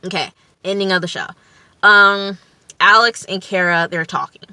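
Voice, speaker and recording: A woman's voice: mid-range voice, fairly even intonation, moderate pace, pushed and bright, clear, resonant tone, no room sound. A young woman vlogger casually recapping a TV episode, rambling with lots of fillers. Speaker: TV review vlogger.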